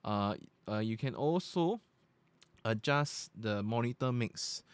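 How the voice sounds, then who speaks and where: A man's voice: mid-range voice, expressive, takes it slowly, clear, resonant tone, dry recording. A man recording a casual product review at his desk, explaining each feature step by step into a USB podcast microphone. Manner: explains step by step in a chatty, informal way. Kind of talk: casual tech review demonstration. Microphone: studio USB podcast microphone at close to medium distance.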